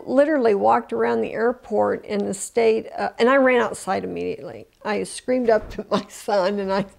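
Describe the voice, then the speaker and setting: This older woman's voice is on the high side, gravelly and darkish. In an oral history interview she relives her story emotionally, with many restarts and acted-out impressions of the people she quotes.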